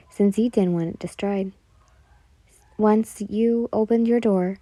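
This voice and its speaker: Soft-spoken woman narrating a story. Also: medium pitch, dry recording. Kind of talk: second-person fan story narration.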